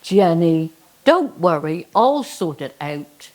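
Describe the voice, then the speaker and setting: A solemn, deep male Lord speaks from above the clouds in a Cornish folk tale, as a woman puts him on. His words come slow and soothing. He sounds low and unhurried. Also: very animated, a little mellow. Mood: reassuring. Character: booming deep-voiced male Lord from the sky.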